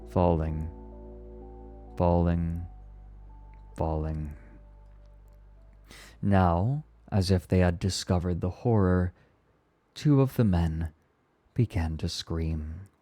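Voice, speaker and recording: A male storyteller with a very deep, dark voice reads slowly and solemnly, pausing often. Soft music plays faintly behind him. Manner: slow, measured and solemn. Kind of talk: dramatic story reading.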